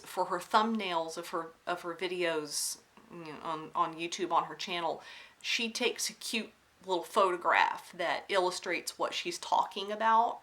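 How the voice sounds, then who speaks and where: A woman with a mixed Alabama and North Carolina accent talks casually to her viewers from home. Her voice sits on the low side yet sounds bright and clear. She enunciates with care but rambles, restarts often, and softens her R's slightly. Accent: Southern US, mixed Alabama and North Carolina. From Southern United States (Alabama, then North Carolina). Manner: chatty and rambling, with many ums and restarts; careful enunciation. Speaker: cross-stitch vlogger. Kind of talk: casual chat to camera. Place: at home indoors.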